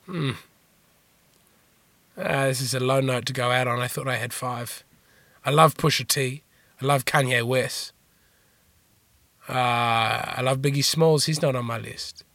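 Bright-voiced deadpan man rambling. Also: mid-range voice, a little slow, gravelly, long pauses, dry recording. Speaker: podcast host. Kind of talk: casual comedic monologue answering listener questions.

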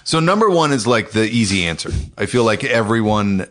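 A man's voice: lowish voice, expressive, fairly quick, a bit bright. A man who works as an animation producer, chatting casually as a podcast co-host, swearing often and rambling with many restarts. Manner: profane, enthusiastic, rambling with restarts. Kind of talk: casual chat.

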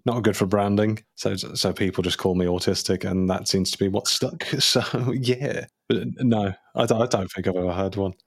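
Low-voiced man, rambling jokes. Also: steady tone, normal speed, hardly any pauses, husky, dry recording, clean studio sound. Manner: rambling, self-mocking jokey asides. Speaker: podcast co-host. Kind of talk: casual podcast chat.

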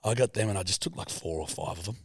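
A man's voice: sits low, fast talker, husky, dry recording, studio quality. A young man, a podcast co-host, telling a story in casual chat and swearing freely. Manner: laid-back storyteller, swears a lot.

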